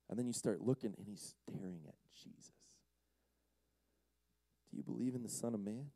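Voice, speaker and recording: A man giving a casual, storytelling sermon, animated and slangy, acting out the characters as he retells the story. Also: medium pitch, unhurried, pauses often, dry recording. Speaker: speaker at a Friday night session.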